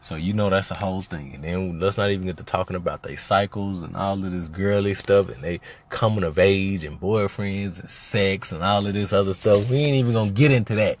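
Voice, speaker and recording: A man talks through family stories on his podcast. His voice sits on the low side, and his easygoing chat rises into emphatic, heated stretches when something frustrates him. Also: brisk, few pauses, slight background noise. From Little Rock, Arkansas. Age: 30s. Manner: loose and conversational, turns heated and emphatic when recounting frustrations. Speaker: podcast host. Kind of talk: casual storytelling monologue.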